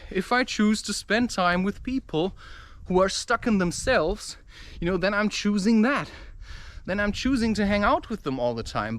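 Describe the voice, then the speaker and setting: A man vlogging outdoors into the camera, talking in an intense, energetic rant. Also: high voice, no echo. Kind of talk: walking vlog talk to camera. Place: outdoors in a park. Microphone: camera mic.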